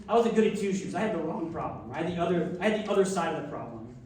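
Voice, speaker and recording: A young adult man, a pastor, giving a sermon through an animated, self-deprecating personal story. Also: fairly high pitch, rapid-fire, slight background noise. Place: church sanctuary. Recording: echoey church hall from far off.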